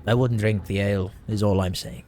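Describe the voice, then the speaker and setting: A man's voice: on the low side, steady tone, brisk, warm tone, a little hiss or hum, natural voice. A man reading game dialogue aloud, voicing a nervous, defensive middle-aged male elf miller in a clumsy put-on Irish or Scottish accent.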